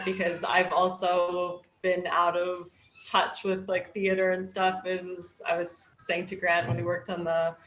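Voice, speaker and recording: A woman's voice: lowish voice, flat delivery, a little slow. A woman drama therapist, a guest on a video call, chatting with enthusiasm. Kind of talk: casual chat on a video call. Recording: roomy sound with music behind.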